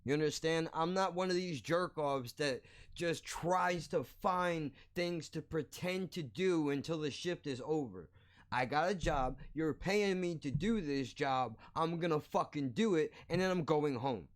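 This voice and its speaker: A young man hosting a podcast, telling a story as a blunt, profane, animated rant. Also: fairly high pitch, a little slow. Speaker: podcast host.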